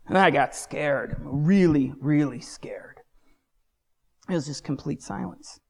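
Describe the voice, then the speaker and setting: A man's voice: fairly high pitch, normal speed, gravelly. Man telling a testimony in a reverberant hall. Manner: animated storytelling, swings from shouting to hushed whispers. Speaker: speaker giving a personal testimony. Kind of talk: dramatic personal testimony.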